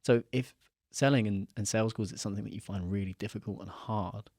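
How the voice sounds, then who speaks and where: A young man with a low voice tells a story in a casual podcast chat. He livens up as he acts out both sides of the conversation. The sound is close and dry, with no room echo. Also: brisk. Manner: animated, acts out quoted dialogue. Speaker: podcast guest.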